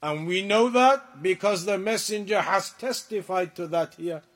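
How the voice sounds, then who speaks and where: A man giving a religious lecture to a class, explaining points deliberately and with emphasis. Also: sits high, a bit bright. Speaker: religious teacher.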